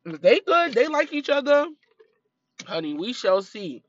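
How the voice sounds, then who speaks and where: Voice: medium pitch, sing-song, measured pace, fairly bright tone, no echo, highs cut off. A speaker giving blunt, opinionated casual commentary on a reality show, stressing points by repeating them.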